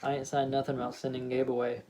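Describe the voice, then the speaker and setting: A gruff, stubborn middle-aged husband, read by a man in a steady, flat voice. He talks in a clipped dialect and stays defiant. The storybook reading has faint hiss behind it. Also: mid-range voice, fast, close to an everyday voice. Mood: defensive.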